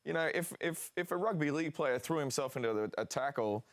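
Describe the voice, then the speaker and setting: A man from Australia with an Australian accent, chatting as an actor guest in a radio studio, animated and quick to laugh. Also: fairly high pitch, no echo. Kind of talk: casual chat.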